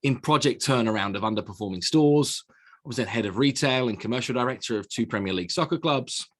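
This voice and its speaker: A middle-aged man with a mixed British and American accent, telling his story as a podcast guest, lively and full of restarts. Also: medium pitch, fairly quick. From United Kingdom. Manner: animated storyteller with frequent repeated words and restarts. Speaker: guest, sales speaker. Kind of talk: conversational podcast interview. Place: small office studio.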